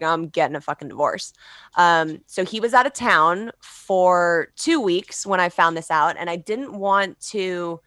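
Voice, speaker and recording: A woman's voice: on the low side, a bit bright, dry recording. A woman from Los Angeles, a guest author on a casual podcast, chatty and candid, swearing and laughing often. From Los Angeles, USA.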